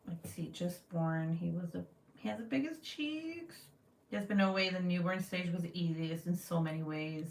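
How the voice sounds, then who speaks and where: Chatty, laughing woman in an echoey room. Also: fairly low pitch. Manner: chatty, profane, laughs often, quotes people in voices. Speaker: vlogger chatting with live viewers. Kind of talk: casual live-stream chat while crafting.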